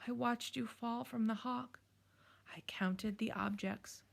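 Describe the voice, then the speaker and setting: A woman's voice: medium pitch, animated, a little slow, gravelly, a bit bright. A woman voicing a small, tearful female animal who whispers and quavers in a storybook reading. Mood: whispered.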